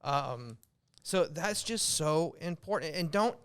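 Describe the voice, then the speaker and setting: An American man hosting a podcast, giving advice in a loose, filler-heavy way that gets animated when he makes a point. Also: fairly high pitch, takes it slowly. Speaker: podcast host, real estate coach. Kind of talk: casual podcast chat giving tips.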